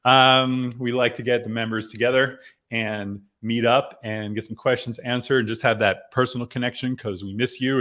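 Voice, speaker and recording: A man's voice: mid-range voice, fairly bright tone. A middle-aged man from New Jersey hosting a live online members' chat, rambling and chatty with lots of fillers and laughs. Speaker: host.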